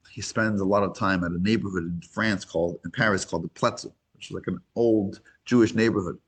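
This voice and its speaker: A man teaching a weekly class to a small group. He talks in a halting, casual way with many restarts and grows animated when he tells a story. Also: lowish voice, husky.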